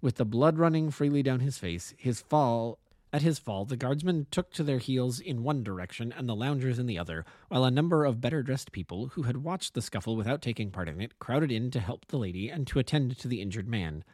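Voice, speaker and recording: A man's voice: medium pitch, expressive, fairly quick, darkish tone, no room sound, studio quality. A man, an amateur narrator, reading a classic detective story aloud and now and then correcting small slips.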